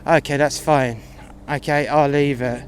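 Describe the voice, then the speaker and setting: A man's voice: mid-range voice, fairly even intonation, a little slow, a little hiss or hum. A man telling a first-person story in a crude, confrontational way, acting out both sides of a row.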